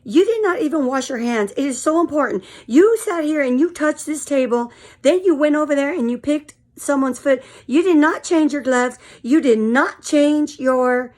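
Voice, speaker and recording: A woman acts out an agitated young woman who scolds a worker, repeating herself with rising indignation. The voice sits higher and louder than the teller's own. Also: animated, moderate pace, hardly any pauses. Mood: scolding. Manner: loud, indignant, repetitive scolding.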